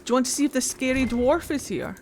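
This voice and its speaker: A woman's voice: high-pitched, lively intonation, quick pace, darkish tone, slight background noise. Chatty woman streamer greeting viewers. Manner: chatty, greets viewers and reads game text aloud. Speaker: game streamer. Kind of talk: casual live-stream chat.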